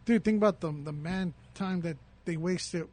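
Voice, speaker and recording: Guy with a high raspy voice reacting to a buddy's story. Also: moderate pace, darkish tone. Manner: reacts with short agreeing remarks. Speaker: friend listening. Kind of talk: casual chat.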